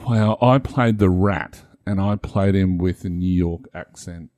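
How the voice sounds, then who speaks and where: A man's voice: sits low, moderate pace, hardly any pauses, darkish tone, dry recording, clean studio sound. A man, a game master co-hosting a casual podcast, rambling and self-deprecating with many fillers.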